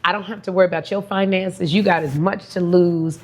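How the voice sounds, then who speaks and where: A middle-aged woman, a guest in casual chat, telling stories in a playful, animated way. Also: lowish voice, brisk.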